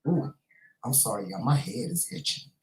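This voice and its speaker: A man's voice: mid-range voice, lively intonation, moderate pace, darkish tone. A middle-aged man hosting a casual live chat show, talking straight to his viewers and calling them y'all, honey and child, often repeating himself. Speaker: talk show host. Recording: echoey room.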